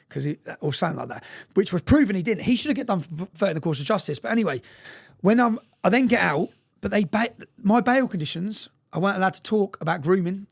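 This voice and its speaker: A man telling a story fast and bluntly in a casual interview, swearing freely and often checking in with "yeah?". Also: high voice, creaky.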